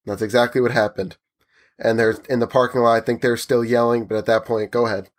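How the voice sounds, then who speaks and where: A man chatting casually and telling a story at an even middle pitch. He slips into voices for the people in his tale and lets his tone rise and fall with it. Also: fast.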